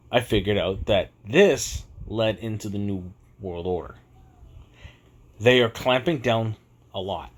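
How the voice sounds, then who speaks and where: A man rants straight to his viewers in a scornful, conspiratorial monologue. His voice sits at an ordinary pitch. He chuckles now and then and leans on his points. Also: husky. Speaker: vlogger. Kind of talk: ranting monologue.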